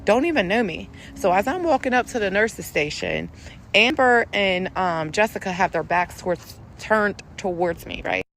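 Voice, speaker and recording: A woman's voice: medium pitch, big pitch swings, moderate pace, few pauses, slight background noise. Profane woman telling a gossip story. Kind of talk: casual storytelling.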